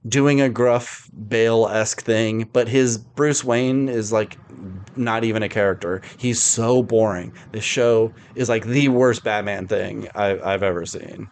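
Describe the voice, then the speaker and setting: A man's voice: fairly low pitch, fairly even intonation, a little slow, clear, resonant tone. Rambling sarcastic male podcast host. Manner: rambling, sarcastic, lots of fillers. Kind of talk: casual chat review.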